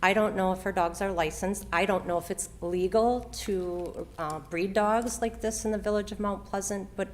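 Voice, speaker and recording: A woman's voice: mid-range voice, steady tone, normal speed, few pauses, a little hiss or hum. A woman at a village meeting public comment, worried and uncertain. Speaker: resident speaking at public comment.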